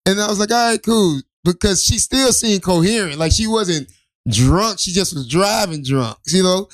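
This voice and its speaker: Male co-host, loose profane storytelling, slightly high voice, dry close sound. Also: animated, moderate pace, dry recording. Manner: loose, profane, rambling storyteller with many restarts. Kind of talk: casual storytelling chat.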